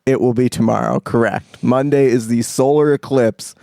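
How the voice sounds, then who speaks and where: A man's voice: mid-range voice, steady tone, moderate pace, creaky, darkish tone, no echo, clean studio sound. A man co-hosting a community radio show, wry and rambling, laughing between lines. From Canada. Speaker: radio co-host. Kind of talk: casual radio banter.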